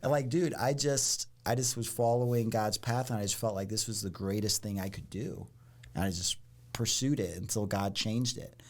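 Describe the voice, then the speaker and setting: Deep-voiced man telling a story. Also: normal speed. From Ohio, United States. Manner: animated, leans on "like" and "dude". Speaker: podcast guest. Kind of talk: casual storytelling.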